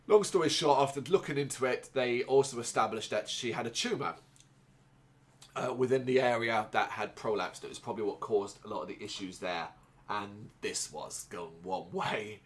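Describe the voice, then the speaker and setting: A man in the middle of a personal story as podcast host. His voice sits at a middling pitch, and he talks in a rambling way, often restarting and swearing. The telling stays emotional throughout.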